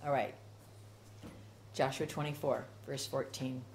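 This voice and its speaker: A woman's voice: very deep voice, fairly even intonation, a little slow, darkish tone, a little hiss or hum. A woman preaching a sermon with rhythmic repetition and strong emphasis.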